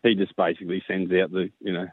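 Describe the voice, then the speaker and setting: An Australian man calling in to a radio show, chatting casually and warmly, sometimes getting emotional. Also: sits low, little pitch movement, quick pace, no echo. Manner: heartfelt, gets emotional. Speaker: caller. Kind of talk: casual phone-in chat. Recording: tinny phone line.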